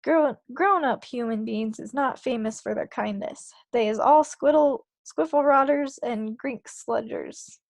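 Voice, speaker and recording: A woman voicing a big, gentle male giant who talks in broken grammar and made-up words while reading a children's book aloud. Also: on the high side, a little slow, creaky, few pauses, no room sound. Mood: grumbling. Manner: ungrammatical speech full of made-up words.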